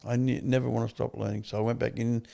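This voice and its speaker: An older man with an Australian accent, a podcast guest telling his story candidly, blunt and quick to swear. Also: medium pitch, vocal fry. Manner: blunt, swears freely, animated retelling.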